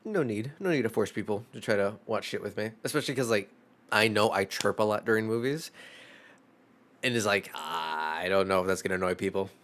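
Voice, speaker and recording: A young man on stream talks in a low-pitched voice, drifting from point to point with plenty of filler. His tone is self-deprecating and loose, and he swears freely as he chats. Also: brisk, a bit bright. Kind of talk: casual chat.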